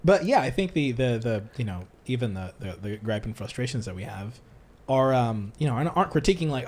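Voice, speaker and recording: A man hosting a casual podcast, talking in a rambling way with many restarts and lively put-on voices, recorded in a church. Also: medium pitch, fast. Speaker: podcast host. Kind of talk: casual chat.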